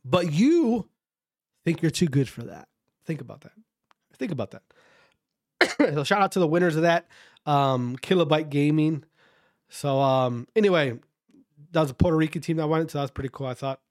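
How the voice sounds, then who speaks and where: A man ranting to his viewers about amateur esports players in a profane, fired-up way, then calmly going over the latest news. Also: a little high, normal speed, long pauses, no room sound, clean studio sound. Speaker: esports commentary streamer. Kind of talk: casual rant and news rundown.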